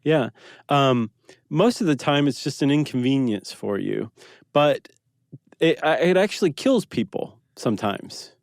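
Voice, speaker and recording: A man's voice: mid-range voice, animated, unhurried, gravelly, dry recording, clean studio sound. A man co-hosting a podcast, explaining facts in curious, conversational casual chat. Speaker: podcast co-host.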